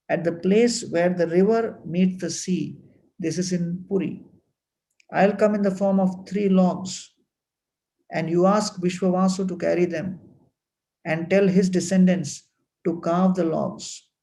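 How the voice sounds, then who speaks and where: A man giving a measured devotional lecture at a temple festival, reciting Sanskrit verses and telling sacred stories. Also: on the high side, creaky, warm tone.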